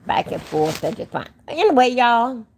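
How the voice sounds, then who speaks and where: A woman's voice: a little high, sing-song, moderate pace, vocal fry, a little mellow, slight background noise. A woman hosting a casual livestream, rambling and talking straight to her viewers. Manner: rambling, talks to chat directly. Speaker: livestream host. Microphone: phone.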